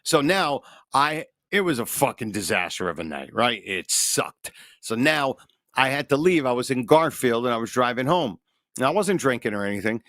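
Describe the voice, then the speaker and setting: A man, co-hosting a comedy podcast and telling a profane, animated anecdote in casual chat. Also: medium pitch, normal speed, no room sound, studio quality.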